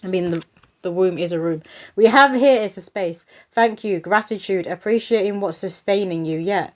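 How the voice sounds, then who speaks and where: Young female medium, casual reading voice, breezy, mid pitch. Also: normal speed. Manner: chatty, breezy, spiritual, with bursts of quoted voices. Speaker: psychic medium. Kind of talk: casual tarot-style reading to camera.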